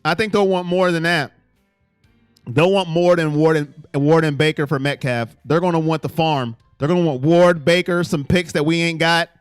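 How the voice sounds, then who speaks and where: Male stream host, high-pitched and very lively, dry close sound with faint music behind. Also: normal speed, clean tone, no echo. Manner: animated, jumps between low mutters and loud exclamations. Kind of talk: casual live chat reading fan comments.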